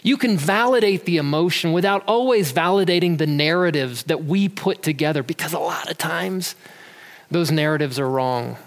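A man's voice: on the high side, normal speed. A man giving an earnest, conversational talk about emotions who sometimes repeats words as he goes. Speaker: speaker on emotions. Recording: long hall reverb.

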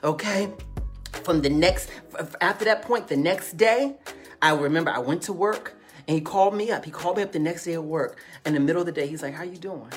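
A woman tells a candid story straight to her viewers, animated and emphatic, calling them honey and baby. She repeats phrases for emphasis in a slightly low voice, with soft music in the background. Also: brisk. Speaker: vlogger telling a story. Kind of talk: casual storytime monologue.

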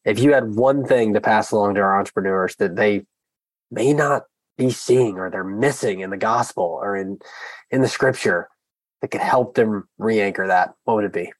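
A man's voice: lowish voice, normal speed, no room sound. A male podcast co-host asking an eager, thoughtful question. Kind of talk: interview question.

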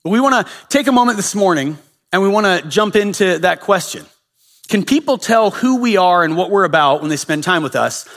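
In a church sanctuary, a male pastor with a high-pitched, fairly bright voice gives a sermon in a casual storytelling style, using frequent filler uhs. The recording carries the long reverb of a church hall.

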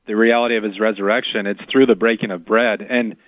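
A man's voice: fairly low pitch, fairly even intonation, fast talker, no echo, phone-quality sound. A man co-hosting a Catholic radio talk show, speaking thoughtfully with frequent "like" fillers. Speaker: radio co-host. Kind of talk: casual faith discussion.

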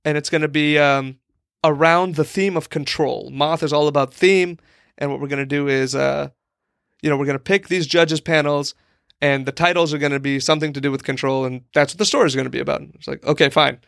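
A man's voice: a little high, fairly even intonation, fairly quick, creaky, a bit bright, smooth, no room sound. Young guy on a podcast rambling thru a funny story, says like a lot, dry close sound. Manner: rambling, lots of "like", acts out quoted people. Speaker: podcast co-host. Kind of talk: casual comedic storytelling.

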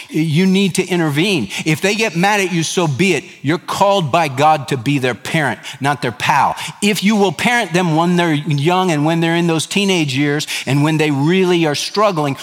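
A man's voice: a little high, a bit bright. A middle-aged male pastor preaching a sermon in an earnest, emphatic way, often working through numbered points. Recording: hall reverb.

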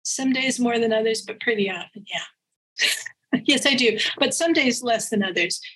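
A woman, an author being interviewed, telling stories in an animated way and laughing often as she talks. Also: fairly high pitch, measured pace, husky, poor audio. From United States. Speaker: author guest. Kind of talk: casual interview storytelling.

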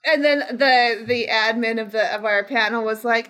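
A woman's voice: on the high side, moderate pace, sharp tone, clear, resonant tone. A woman co-hosting a casual studio podcast, chatty and giggly. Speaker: podcast co-host. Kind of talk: casual chat.

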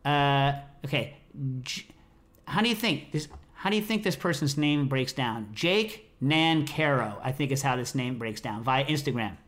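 A man's voice: mid-range voice, moderate pace, a bit bright. A middle-aged American man hosting a podcast, chatting casually in a rambling, self-interrupting way. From United States. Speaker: podcast host.

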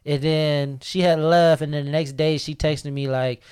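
Young man, casual podcast banter, storytelling with acted-out quotes, smooth tone. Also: a little high, normal speed. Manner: slangy, animated storytelling, acts out quotes.

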